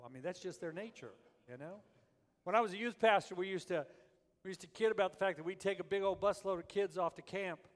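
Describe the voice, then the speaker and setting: A middle-aged man preaching a sermon as pastor, swinging from quiet, drawn-out phrases to loud, animated stretches. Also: high voice, in a large hall.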